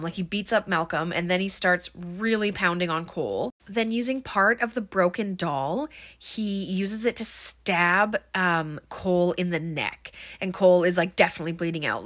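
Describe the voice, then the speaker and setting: A woman's voice: fairly low pitch, fairly bright tone. Casual woman recapping a movie, full of fillers. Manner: filler-heavy, lots of um and like. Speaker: film recap host.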